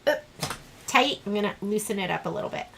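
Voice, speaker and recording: A woman's voice: medium pitch, expressive, fast, vocal fry, slight background noise, rough recording. A woman teaching a live online sewing class, chatting in a rambling, self-deprecating way as she works. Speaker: sewing instructor.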